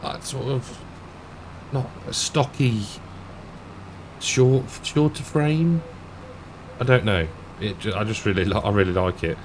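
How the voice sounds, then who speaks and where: A British man giving relaxed, self-mocking commentary while playing a farming game at his desk mic, with frequent ums and little laughs. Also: on the low side, measured pace, pauses often, background noise. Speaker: gaming channel host. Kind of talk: casual gameplay commentary.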